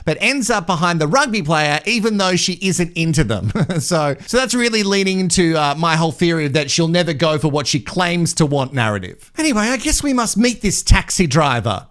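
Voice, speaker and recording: A man's voice: sits high, a bit bright. A young man hosting a casual recap vlog, playful and sarcastic, laughing often. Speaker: vlog host recapping a reality show.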